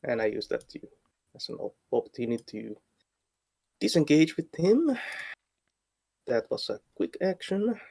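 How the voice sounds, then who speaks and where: Man player, unhurried, hesitant, dry recording. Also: fairly high pitch, very animated, gravelly, warm tone, slightly rough, no echo. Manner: hesitant, thinking aloud over choices. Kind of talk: playing a tabletop game online.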